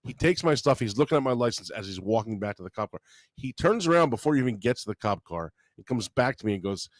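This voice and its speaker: A man, co-hosting a comedy podcast and telling a story in an animated way, swearing freely. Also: mid-range voice, fast talker, no echo. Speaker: podcast co-host.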